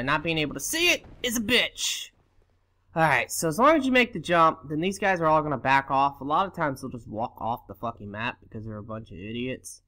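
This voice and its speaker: A man giving casual commentary over his own gameplay, swearing constantly and breaking into frustrated shouts and laughs. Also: a little high. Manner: laughs and shouts in sudden outbursts. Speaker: let's play commentator.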